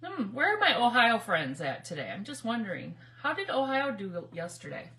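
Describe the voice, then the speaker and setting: Lively, bright-voiced woman crafting on a livestream. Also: a little high, moderate pace. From Michigan. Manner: chatty, laughs often, greets viewers by name. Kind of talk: casual livestream crafting chat.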